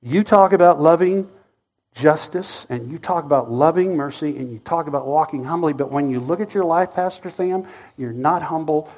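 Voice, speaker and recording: Male pastor, sermon, fairly high voice, dramatic storytelling, loud-to-soft swings. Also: moderate pace. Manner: dramatic storytelling, acting out quoted voices, wide swings in loudness.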